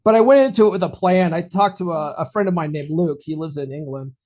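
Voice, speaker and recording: A man's voice: on the high side, quick pace, a little mellow. A man co-hosting a podcast, telling a personal story in a chatty way and laughing at his own lines. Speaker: podcast co-host. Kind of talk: casual chat, personal story.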